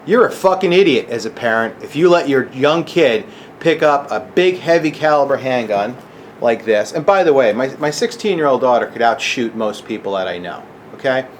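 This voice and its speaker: A man's voice: medium pitch, lively intonation, normal speed, slight background noise. A middle-aged man ranting angrily to camera, agitated and profane, keeps asking "okay?". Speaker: gun channel vlogger. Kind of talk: angry rant to camera.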